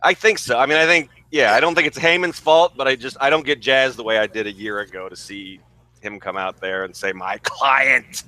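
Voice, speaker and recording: A man's voice: medium pitch, brisk, sharp tone. A man co-hosting a casual wrestling review podcast, wry and easygoing. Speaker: podcast co-host.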